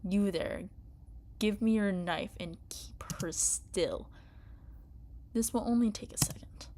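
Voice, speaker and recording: A woman reading a cruel, hushed villain commander. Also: medium pitch, slow pace, whispered, natural voice. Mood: taunting. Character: cruel female villain commander, cold, taunting. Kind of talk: reading game dialogue aloud.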